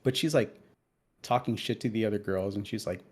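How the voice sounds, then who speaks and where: Speaking fast in a lower register, a thirtysomething podcast co-host tells a story in casual banter. It's animated and profane, with plenty of cursing and hot-tempered asides.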